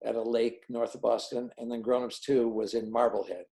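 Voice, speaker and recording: In an interview, a male film director tells behind-the-scenes anecdotes, animatedly acting out the dialogue of the people involved in quoted voices. His voice is medium-pitched and gravelly at a moderate pace, and the recording is rough.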